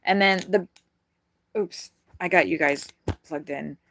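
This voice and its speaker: A woman vlogger with a Midwestern American accent gives a rambling, frank tour inside her RV, chatting casually and swearing freely. Her fairly low, fairly bright voice moves slowly, with slight background noise.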